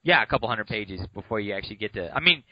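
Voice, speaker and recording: A man's voice: on the low side, fast talker, no room sound. Laid-back, agreeable podcast co-host man. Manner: relaxed, agreeable, swears casually. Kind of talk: casual book discussion podcast. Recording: dull lo-fi dry recording.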